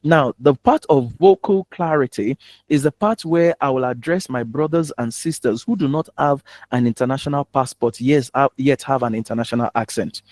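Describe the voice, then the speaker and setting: A man's voice: medium pitch, moderate pace, darkish tone, dry recording. A man with a Nigerian accent coaching on public speaking, in a teasing, humorous and direct way. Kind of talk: spoken teaching talk.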